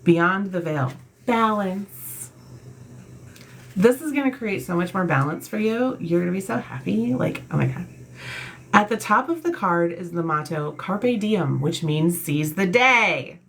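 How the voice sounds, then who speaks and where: A woman's voice: lowish voice, fairly bright tone, a little hiss or hum. A woman giving a casual tarot card reading, reading card meanings aloud and breaking off to talk bluntly and emphatically, swearing freely. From Italian heritage. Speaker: tarot reader.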